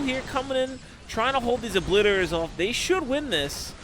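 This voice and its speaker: A young man giving casual, rambling commentary on a strategy game, often breaking into excited exclamations. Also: very high voice, a little fast, noisy background. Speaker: game caster.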